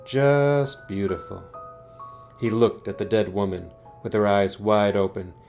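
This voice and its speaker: A man reading a scary story aloud, slow and building suspense. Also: on the low side, little pitch movement, a little mellow, highs cut off, soft background music.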